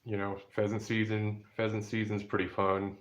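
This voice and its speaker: A man's voice: on the low side, completely flat delivery, moderate pace. A man chatting casually about outdoor trips and family, rambling with many fillers and restarts. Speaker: outdoor vlogger. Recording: dull lo-fi recording.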